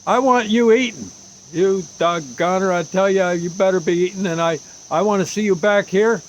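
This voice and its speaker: A gruff, commanding old Army doctor, blunt and folksy, his voice pitched a notch higher than normal speech, as a man in his seventies puts him on. Faint crickets chirp in the background. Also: normal speed, dull audio, a little hiss or hum, close to an everyday voice. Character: blunt older male ex-Army doctor, bossy.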